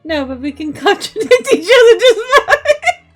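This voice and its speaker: A woman's voice: very high voice, very animated, normal speed, soft background music. A woman chatting casually while playing a game, giggly and teasing. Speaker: game player. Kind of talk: casual let's-play banter.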